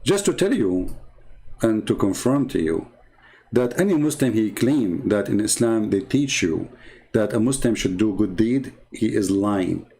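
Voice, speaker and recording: A man's voice: on the low side, lively intonation, unhurried, warm tone. Mocking, argumentative man host. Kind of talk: online commentary show.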